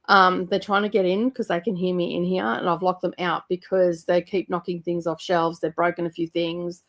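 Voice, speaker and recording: A woman's voice: fairly low pitch, flat delivery, normal speed. A young woman hosting a book club livestream, chatting casually, giggling often and greeting viewers by name.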